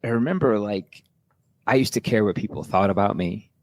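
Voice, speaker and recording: A man's voice: fairly low pitch, a little fast, darkish tone. A middle-aged man, a personal trainer guest, talking candidly in a casual podcast chat, rambling with restarts.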